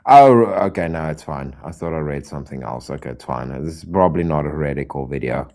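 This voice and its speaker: A man streaming reaction commentary, exasperated and loud, repeating himself and swearing often. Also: very deep voice, animated, fast.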